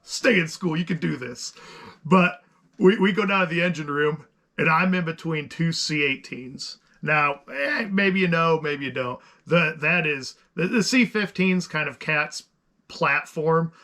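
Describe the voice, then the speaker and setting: Bright, animated male podcast co-host. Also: on the high side, a little slow. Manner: animated, rambling with many restarts. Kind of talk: casual storytelling chat.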